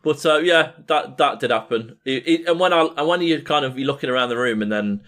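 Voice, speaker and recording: A man's voice: mid-range voice, brisk, fairly bright tone. Rambling man chatting casually. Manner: rambling storyteller, lots of fillers and swearing. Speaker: podcast co-host. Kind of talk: casual chat.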